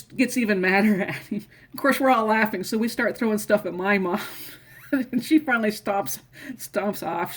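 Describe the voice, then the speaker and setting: A middle-aged woman casually telling family stories, rambling and often restarting her sentences. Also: mid-range voice. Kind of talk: casual personal storytelling.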